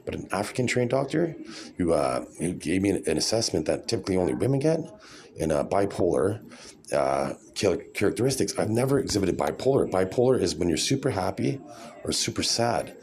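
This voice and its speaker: A man's voice: low-pitched, very animated, a little fast, vocal fry, darkish tone. A man in his forties talking in a rambling, sarcastic, blunt casual vlog rant. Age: 40s. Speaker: vlogger.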